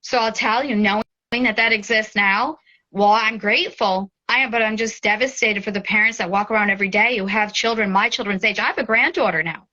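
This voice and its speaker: A woman in her forties speaking as an interview guest, heartfelt and tearful, often halting and restarting. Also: medium pitch, pushed and bright, dull audio. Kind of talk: emotional interview.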